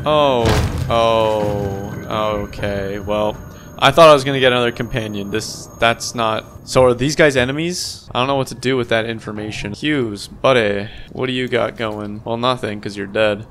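A gamer gives live commentary while playing a horror game, swearing, screaming when startled and laughing nervously to himself. His voice is on the low side and fairly bright, at normal speed, with slight background noise.

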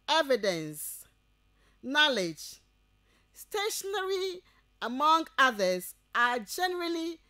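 A woman lectures university students over the radio in Ghanaian-accented English, going over every point slowly as if for dictation and making sure they follow. She has a fairly high, slightly bright voice, with no echo.

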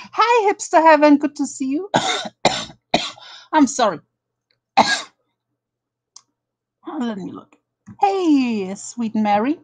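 Slow-talking German-accented woman streamer. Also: high voice, big pitch swings, no echo. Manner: profane, mocking, greets viewers one by one. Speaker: drama commentary streamer. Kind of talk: live stream chat commentary.

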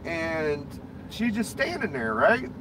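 A man's voice: fairly high pitch, big pitch swings, takes it slowly. A man ranting and chatting casually on a stream, profane, rambling and blunt. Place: inside a car. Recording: clear road and engine noise.

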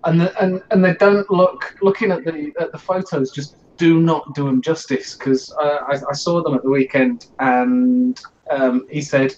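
A man's voice: fairly high pitch, steady tone, normal speed, darkish tone, highs cut off, a little hiss or hum. A British man co-hosting a podcast, talking enthusiastically and stumbling over restarts. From United Kingdom. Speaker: podcast co-host. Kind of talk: casual chat.

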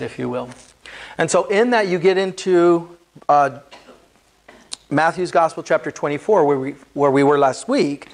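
A man preaching a sermon as pastor, earnest and building emphasis as he explains scripture. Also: fairly high pitch.

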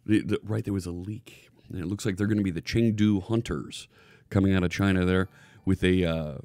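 A man's voice: deep voice, steady tone, brisk, a little mellow, no room sound. A man hosting a live coding stream, talking casually from his green-screen studio. He greets viewers in the chat by name and often restarts his phrases. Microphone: hidden desk microphone.

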